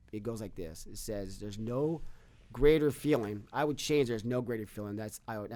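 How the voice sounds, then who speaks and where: A middle-aged man, a guest on a podcast, talking earnestly and telling stories, often repeating and restarting his words. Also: lowish voice. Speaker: podcast guest, fitness business owner. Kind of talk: casual interview storytelling.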